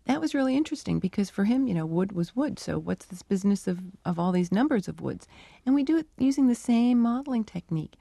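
A middle-aged woman researcher answering interview questions and telling her work stories with lively, acted-out dialogue. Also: medium pitch, quick pace, vocal fry, dry recording. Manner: animated storytelling, acts out dialogue. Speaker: animal cognition researcher.

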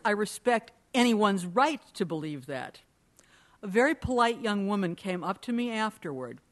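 Woman debater reading a prepared case, measured and pointed. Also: medium pitch. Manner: measured, pointed argumentative delivery. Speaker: debate speaker.

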